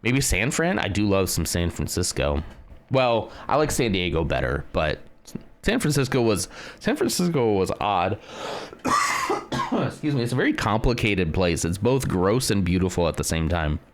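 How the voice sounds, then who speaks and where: A fairly low-pitched man talking casually on a live stream. His voice moves around a lot, jumping up when he greets viewers and sinking low when he's unsure. He thinks aloud in a relaxed, conversational way. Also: normal speed, slight background noise. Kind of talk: casual live-stream chat while playing a guessing game.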